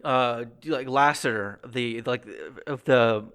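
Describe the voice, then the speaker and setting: A young man in casual podcast chat, telling stories with animated energy. His voice is mid-pitched and ordinary, and he jumps up high when he acts out what someone said. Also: a little slow, clean tone. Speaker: podcast host.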